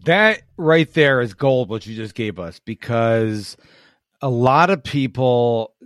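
A man's voice: medium pitch, animated, takes it slowly, fairly bright tone, dry recording, studio quality. A man hosting a podcast, asking questions in a casual way and rephrasing them as he thinks aloud. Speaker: podcast host.

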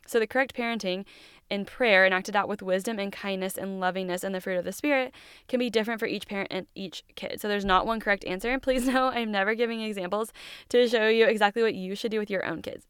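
Very clear, earnest woman podcaster. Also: mid-range voice, fairly even intonation, fast, a bit bright, dry recording, clean studio sound. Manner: earnest and encouraging, chatty with frequent "like". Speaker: podcast host. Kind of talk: casual parenting advice monologue.

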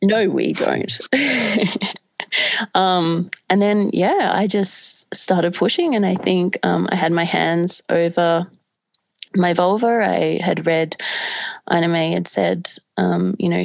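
Brief: woman guest, candid storyteller, low-ish gravelly voice, dry close sound. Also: fairly even intonation, slow pace, no echo. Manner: candid, chatty, many fillers. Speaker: podcast guest. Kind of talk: casual storytelling.

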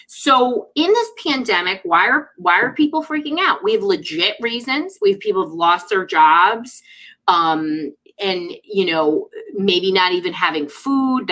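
Bright, lively woman talking about parenting. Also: mid-range voice, low-quality recording. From United States. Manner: lively, expressive, often adds "right?" and "you know". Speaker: guest speaker on parenting and mental health. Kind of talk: animated casual conversation.

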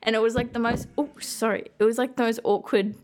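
A young woman co-hosting a podcast, retelling a hospital visit with lively quoted dialogue. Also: fairly high pitch, quick pace. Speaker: podcast co-host. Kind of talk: casual chat.

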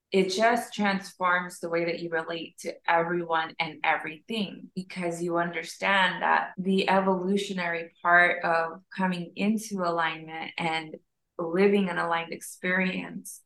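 A woman's voice: on the low side, little pitch movement, unhurried, a bit bright. A woman talking as a guest in a casual spiritual conversation, flowing and emphatic, building long runs of repeated phrases. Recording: roomy echo.

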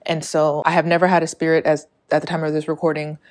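Breathless, low-voiced woman podcaster. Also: level tone, quick pace, a little mellow. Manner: rambling, candid, swears freely, laughs often. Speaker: podcast host. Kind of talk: casual solo podcast monologue.

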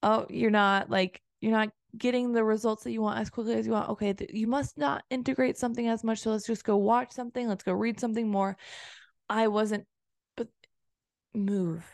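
A woman's voice: fairly high pitch, steady tone, moderate pace, gravelly, dry recording, studio quality. A woman coach talking casually on her own podcast, rambling and repeating phrases as she quotes her own self-talk. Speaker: personal development coach and podcaster. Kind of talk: casual solo podcast monologue.

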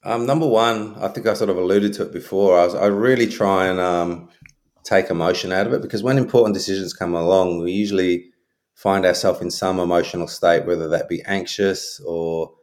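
Deep-voiced middle-aged man telling stories. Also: steady tone, a little fast, darkish tone. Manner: frank, anecdotal, many fillers and restarts. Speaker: interview guest. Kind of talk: reflective storytelling.

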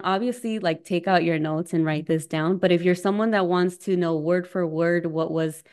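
A woman's voice: on the low side, smooth. Chatty young woman hosting a webinar. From United States, Mexican family. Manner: warm, chatty, mixes in Spanish phrases. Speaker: coach and workshop host. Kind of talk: conversational webinar talk.

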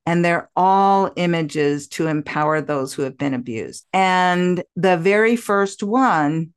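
An older woman in her sixties hosts a podcast conversation and tells her stories with lively expression. Her voice sits fairly low for a woman. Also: slow pace, smooth. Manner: animated, expressive storyteller. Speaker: podcast host. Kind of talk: conversational storytelling interview.

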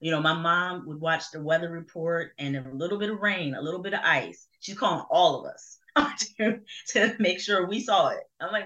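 Middle-aged woman from New Jersey, deep bright voice, earnest reflective testimony, lo-fi sound. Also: moderate pace, few pauses. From Burlington, New Jersey. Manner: earnest, reflective, with many fillers. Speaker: guest. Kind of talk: personal testimony in conversation. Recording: dull lo-fi sound.

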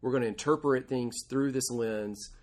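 A male host at an ordinary middle pitch talks reflectively. He restates his guest's ideas in his own framing. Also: moderate pace. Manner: reflective, summing up the guest's points.

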